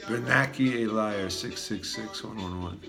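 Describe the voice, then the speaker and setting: Man vlogger, rambling profane rant, mid pitch. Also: unhurried, creaky, music in the background. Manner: free-associating, profane, muttering. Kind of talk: rambling conspiracy monologue.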